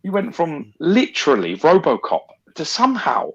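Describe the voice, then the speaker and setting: A man's voice: fairly high pitch, wildly swooping pitch, normal speed, husky, lo-fi sound. A man co-hosting a podcast who teases and swears bluntly in casual chat.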